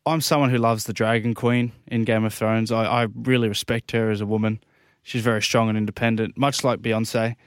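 A man co-hosting sports radio, deadpan and mock-serious. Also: fairly low pitch, a little fast, hardly any pauses, clean tone, no echo, studio quality. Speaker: radio co-host. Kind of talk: deadpan banter.

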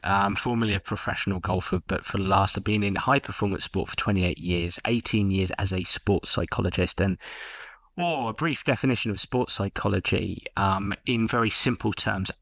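A man in a podcast interview, explaining his work as a sport psychologist in a measured way. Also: fairly low pitch, fairly bright tone, no echo. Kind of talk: casual interview.

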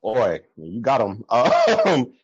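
A man talking as a podcast guest, telling stories in an animated way and acting out what people said. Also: medium pitch, drawn-out words, husky, no echo, highs cut off. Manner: animated storytelling with laughs and quoted voices. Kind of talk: casual conversation.

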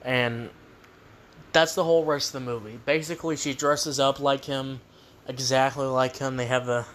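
A man's voice: medium pitch, fairly even intonation, moderate pace, a bit bright. Rambling male movie reviewer, faint room hiss. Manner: rambling, restarts, laughs while retelling scenes. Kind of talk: casual spoken review.

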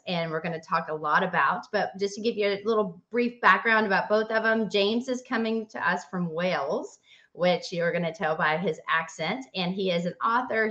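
A woman's voice: medium pitch, sharp tone, highs cut off. A woman co-hosting a podcast, introducing her guests with enthusiasm. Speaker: podcast co-host.

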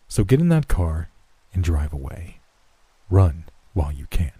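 A cold, contemptuous doctor, as a male storyteller puts him on, talks in a low, half-whispered sneer. The voice sits very deep and dark. It is dry and close, with no room around it. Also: sing-song, measured pace, breathy edge, dry recording, exaggerated voice. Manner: sneering, dismissive, low and hushed. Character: cold, menacing middle-aged male doctor. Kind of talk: horror story reading.

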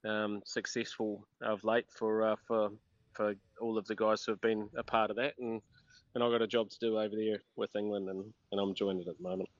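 A man's voice: fairly low pitch, flat delivery, brisk, dry recording. A middle-aged man with a New Zealand accent, chatting laid-back and hesitant with many fillers. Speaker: national cricket coach as guest. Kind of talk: relaxed chat by phone. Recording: dull lo-fi line.

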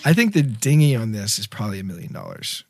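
A film director tells a long anecdote in a casual interview, an animated storyteller who rambles and leans heavily on fillers. His voice is on the low side and quick, with no room sound.

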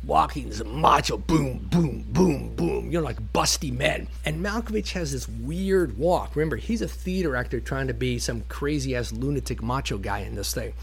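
A man's voice: mid-range voice, moderate pace, gravelly, few pauses. Man telling rambling, profane stories. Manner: rambling, profane, animated anecdotes. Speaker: actor, interview guest. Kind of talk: casual storytelling.

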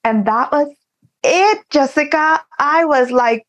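A woman from Texas, an author, telling a personal story in an animated, laughing way. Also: sits high, takes it slowly. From Eagle Pass, Texas. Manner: animated, laughs often while telling stories. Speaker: author and guest. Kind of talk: casual storytelling.

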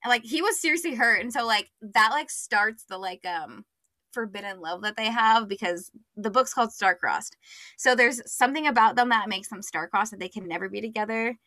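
A young woman talks through a book she loved on a podcast, chatty and full of fillers. Her voice is bright and on the higher side. The sound is dry and close. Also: moderate pace, no room sound. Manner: chatty, many fillers, acts out quotes. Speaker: podcast co-host. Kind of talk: casual book chat.

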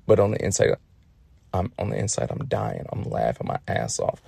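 A man's voice: sits low, sing-song, normal speed, creaky, warm tone, breathy edge, dry recording. A man telling funny stories casually, profane and slangy, laid-back with lots of fillers. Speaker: storyteller. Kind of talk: casual comic storytelling.

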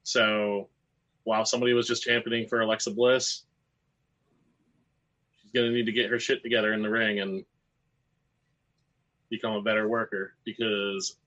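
A man's voice: fairly low pitch, pushed and bright. A man on a casual online panel, giving blunt opinions and swearing casually. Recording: dull lo-fi call audio.

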